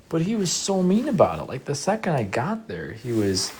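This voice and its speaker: A livestreamer telling a story casually to chat, animated and swearing often. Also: medium pitch, fairly quick, few pauses, slight background noise.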